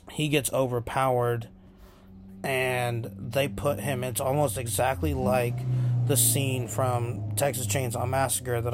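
A man's voice: medium pitch, background noise. Rambling casual podcast guy. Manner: rambling, lots of filler ums. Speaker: podcast host.

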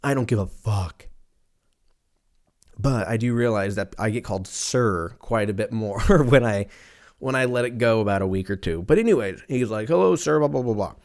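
A man's voice: lowish voice, moderate pace, a little mellow. A man, telling a rambling comic story in a casual, profane way, often breaking off mid-sentence. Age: 30s. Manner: profane, rambling, self-interrupting.

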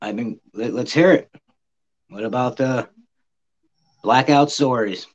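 A man's voice: mid-range voice, unhurried, muffled recording. Easygoing man co-hosting a podcast. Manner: easygoing, prompting questions. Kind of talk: casual chat.

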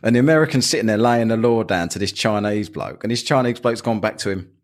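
A man's voice: lowish voice, animated, quick pace. A man hosting a podcast, rambling in casual chat and laughing as he mimics people. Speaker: podcast host.

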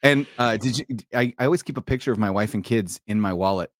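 A man's voice: fairly low pitch, fast, dry recording, studio quality. A man hosting a casual podcast, trading corny puns and laughing often. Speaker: podcast host.

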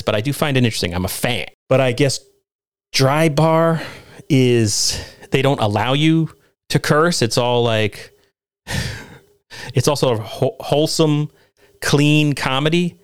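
Male podcast host, rambling commentary, incredulous rising rants, dry close sound. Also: no room sound. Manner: rambling, climbs into incredulous high-pitched rants. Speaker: podcast host reviewing comedy.

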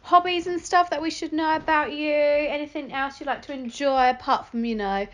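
A woman's voice: high-pitched, fairly even intonation, normal speed. A woman hosting a casual chat, asking friendly questions and chiming in. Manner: chatty, encouraging, asks questions. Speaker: podcast host.

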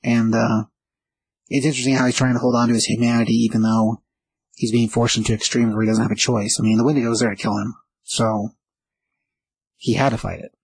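A man's voice: medium pitch, little pitch movement, fairly quick, pauses often, darkish tone, breathy edge, rough recording. A man casually reviewing a comic book on a podcast, hesitant and thinking aloud as he talks. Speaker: podcast co-host.

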